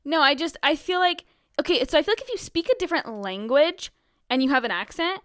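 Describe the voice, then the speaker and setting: A woman's voice: high-pitched, a little fast. A young American woman co-hosting a podcast, chatting casually with lots of giggles. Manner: giggly, animated storyteller. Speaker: podcast co-host. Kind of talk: casual chat.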